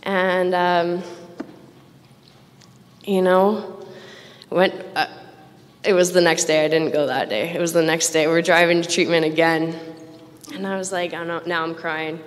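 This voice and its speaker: A woman's voice: on the low side, flat delivery, a little slow, long pauses. A woman giving a candid personal recovery testimony at a roundup, self-mocking and laughing between lines, speaking into a stage microphone. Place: large event hall. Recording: long hall reverb.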